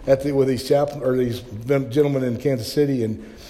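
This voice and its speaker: Impassioned preacher in a reverberant church. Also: male voice, medium pitch, steady tone, normal speed, warm tone, a little hiss or hum. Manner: impassioned, stammering repeats. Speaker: pastor. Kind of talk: sermon.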